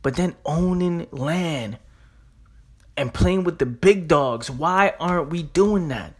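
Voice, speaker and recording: Fired-up New man, slightly high voice. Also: expressive, takes it slowly, slightly rough. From New York. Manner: emphatic, street slang, repeats phrases. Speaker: podcast host. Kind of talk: motivational podcast monologue.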